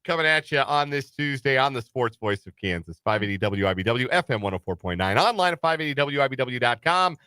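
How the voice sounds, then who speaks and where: Lively, bright-voiced male sports radio host. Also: mid-range voice, fast talker, hardly any pauses, smooth, no echo, clean studio sound. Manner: lively, animated, breaks into impressions. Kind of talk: casual sports radio banter.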